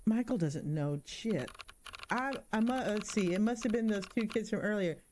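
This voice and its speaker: A woman's voice: mid-range voice, moderate pace, heavy background noise. A woman in her thirties doing casual let's-play commentary, joking around and spooking easily. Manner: animated, jokey, easily spooked. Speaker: gaming streamer.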